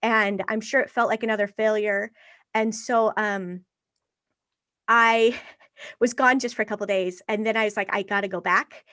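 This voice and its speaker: A woman in her thirties talks openly as a podcast guest, her voice sitting a little high and sounding close and dry. She speaks with animation, often slipping into lively quoted voices as she recounts her own thoughts. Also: measured pace, long pauses, no room sound. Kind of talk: candid interview conversation.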